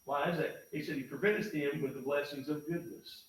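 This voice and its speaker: Folksy preacher in an echoey church. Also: male voice, steady tone, fairly quick. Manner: folksy, emphatic, rising to loud bursts then dropping low. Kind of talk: sermon. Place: church sanctuary. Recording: echoey church from far off, faint noise.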